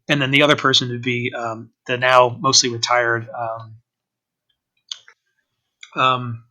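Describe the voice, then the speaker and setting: A man's voice: mid-range voice, bright, forceful tone, low-quality recording. A man being interviewed about running an organic vineyard, talking casually with many ums and restarts. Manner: hesitant, lots of fillers and restarts. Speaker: organic winery owner, guest.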